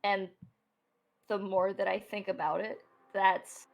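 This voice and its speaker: A woman's voice: mid-range voice, fairly even intonation, unhurried, gravelly. Wry woman player in a tabletop game. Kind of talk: in-character tabletop play.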